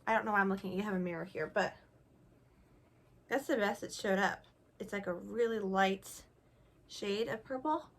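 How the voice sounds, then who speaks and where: A woman's voice: mid-range voice, moderate pace, gravelly, long pauses. A young woman chatting casually while she tests makeup, joking about herself as she works. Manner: chatty, self-deprecating, talks while applying makeup. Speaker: beauty vlogger. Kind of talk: casual makeup tutorial chat.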